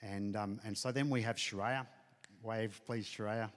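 A man's voice: on the low side, steady tone, slow. A middle-aged man telling an earnest personal testimony as a pastor speaking to a congregation. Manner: earnest storytelling, emotional, addresses congregation. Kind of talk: sermon testimony. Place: church hall. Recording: hall reverb.

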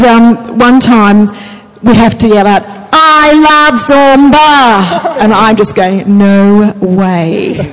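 A woman's voice: on the high side, long reverb tail, rough recording. Woman telling a funny story. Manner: animated, laughs often, acts out voices. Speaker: panel guest. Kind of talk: humorous storytelling.

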